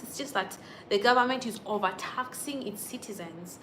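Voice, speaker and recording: A woman's voice: mid-range voice, normal speed, a bit bright, a little hiss or hum. A young Kenyan woman hosting a casual livestream from home, reading viewer comments in an emotional, indignant, exclamatory way. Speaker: livestream host.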